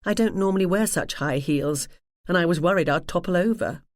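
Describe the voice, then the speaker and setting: A woman audiobook narrator reading a first-person mystery in a wry, measured manner. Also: fairly low pitch, dry recording, clean studio sound.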